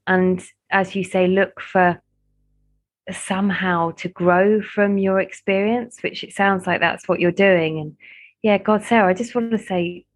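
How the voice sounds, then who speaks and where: A woman, hosting a podcast in casual chat and speaking with effusive praise. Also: lowish voice. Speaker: podcast host.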